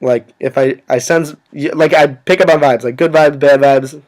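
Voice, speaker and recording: A man's voice: fairly high pitch, fairly even intonation, moderate pace. Rambling young man full of fillers. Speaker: vlogger. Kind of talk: casual storytelling to camera.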